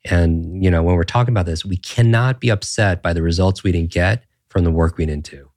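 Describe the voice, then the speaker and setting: A man guest on a podcast interview, telling personal stories in an earnest, animated way, with frequent restarts and rhetorical "right?" checks. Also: low voice, a little fast, no echo, studio quality. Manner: animated, earnest, many restarts and tag questions. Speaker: podcast guest, brain coach. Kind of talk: conversational interview storytelling.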